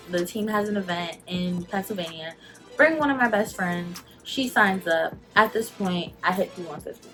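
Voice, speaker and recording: A young woman telling a personal story to her channel in casual talk, animated and emotional, full of "like" fillers, holding back tears. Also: medium pitch. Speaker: vlogger.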